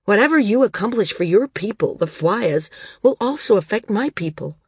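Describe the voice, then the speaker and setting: Female narrator doing a calm male healer for an audiobook, husky tone, dry close sound. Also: medium pitch, normal speed, no room sound. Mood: earnest, firm. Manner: firm, calm and earnest. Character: gentle, steady male healer, young adult.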